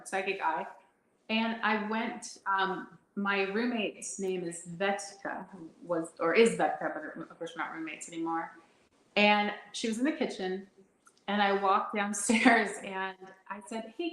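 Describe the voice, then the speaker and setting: Woman guest, mid-range voice, lively storyteller who laughs and acts out the dialogue, recorded with a roomy echo. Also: medium pitch. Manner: laughs often while talking, acts out her own and others' quoted lines. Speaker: guest sharing a paranormal experience. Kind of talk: animated personal storytelling.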